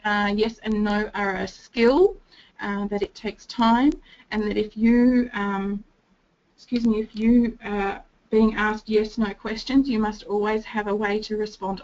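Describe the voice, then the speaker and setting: A woman presenting a training talk, explaining steadily and acting out gentle sing-song phrases as if to a child. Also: mid-range voice. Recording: dull lo-fi recording.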